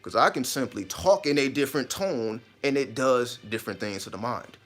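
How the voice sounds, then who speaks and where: A man's voice: mid-range voice, lively intonation, moderate pace, hardly any pauses, a bit bright, faint music behind. A man talking straight to viewers in a casual, emphatic monologue, repeating his points and swearing now and then. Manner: emphatic, repetitive, with occasional swearing. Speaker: host of own video channel.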